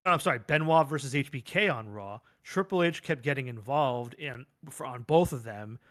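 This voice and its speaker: A man's voice: mid-range voice, moderate pace. A man co-hosting a livestreamed wrestling talk show, chatting casually and animatedly, acting out quotes as he goes. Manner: animated, rambling, acts out quotes. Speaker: podcast co-host.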